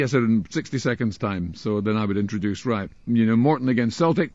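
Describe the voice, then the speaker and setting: A broadcaster tells a funny story from work with a lively, swooping voice and acts out the people in it. The sound is dry and close but slightly muffled. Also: male voice, medium pitch, brisk, no echo. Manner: animated storytelling, acting out voices. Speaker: broadcaster recalling a colleague. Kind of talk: reminiscing interview.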